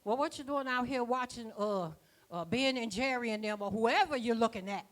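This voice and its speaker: A woman's voice: on the high side, moderate pace. A woman preaching a sermon at a church conference, folksy and rhythmic, with plain dialect grammar. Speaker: apostle preaching.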